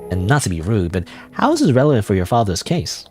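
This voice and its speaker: A proper, composed detective, voiced by a man in a low register with lively pitch. He speaks politely and formally, laying out his reasoning plainly. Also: fast, faint music behind. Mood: skeptical.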